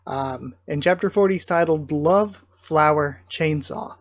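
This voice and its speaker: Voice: medium pitch, a little slow. Chatty manga readthrough host. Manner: chatty, wondering aloud, frequent ums. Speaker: YouTuber reading a manga aloud. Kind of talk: casual comic readthrough with commentary.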